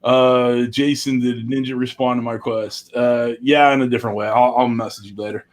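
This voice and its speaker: A man's voice: mid-range voice, level tone, moderate pace. A man hosting a casual live-stream chat, laid-back and self-deprecating, with casual swearing. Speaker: host.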